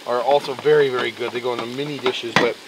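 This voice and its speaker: A man chatting casually as he cooks outdoors, explaining each step in a relaxed way. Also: mid-range voice, fast, far from the mic, heavy background noise. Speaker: outdoor cooking vlogger. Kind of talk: casual cooking narration. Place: outdoors at a campsite.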